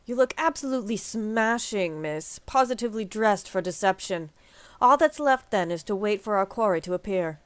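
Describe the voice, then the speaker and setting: A woman's voice: medium pitch, expressive, moderate pace, smooth, no room sound, close to an everyday voice. Woman voicing a posh roguish man, wry and theatrical, dry close sound. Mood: teasing. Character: suave smooth-talking male rogue.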